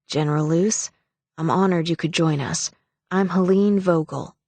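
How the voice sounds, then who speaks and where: A woman voicing a kind, thoughtful older woman with a warm, gracious manner. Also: fairly low pitch, moderate pace, no room sound.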